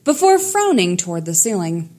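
A woman narrating a fan fiction story in a lively storytelling manner. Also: on the low side, normal speed.

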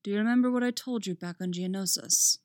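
A woman voicing a cold, menacing older male count, measured and calm, in a dry recording. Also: medium pitch, no room sound, natural voice. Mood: cool.

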